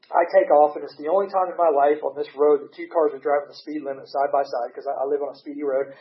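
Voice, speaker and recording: Earnest man in his 30s, recovery testimony, higher voice, muffled lo-fi sound. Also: quick pace, roomy sound. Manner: emotional, earnest, voice swings from hushed to excited. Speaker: recovering alcoholic sharing his story.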